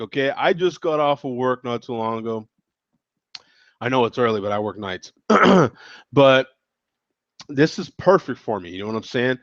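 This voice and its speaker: A man's voice: medium pitch, animated, normal speed, pauses often, a bit bright, no echo. A man hosting a casual beer-tasting show, rambling in a laid-back way, slightly congested from a cold. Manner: laid-back, rambling, peppered with "you know what I'm saying". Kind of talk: casual beer review chat. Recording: dull lo-fi dry sound.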